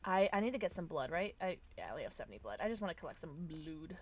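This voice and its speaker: A woman streaming a horror game live, chatting with her viewers, thanking them and reacting loudly to scares. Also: low-pitched, big pitch swings, fast talker, slight background noise.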